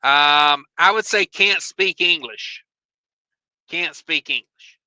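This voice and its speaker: A man's voice: fairly high pitch, slow pace, sharp tone, no room sound, rough recording. A man hosting a casual trucking livestream on his phone, reading viewer comments in a loose, joking way. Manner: loose and joking, many fillers and asides.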